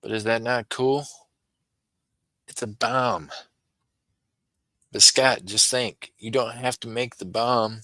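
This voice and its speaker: A man's voice: medium pitch, fairly even intonation, slow, pauses often, sharp tone, no echo, poor audio. A man chatting casually on his own livestream, rambling and talking to viewers by name. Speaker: livestream seller.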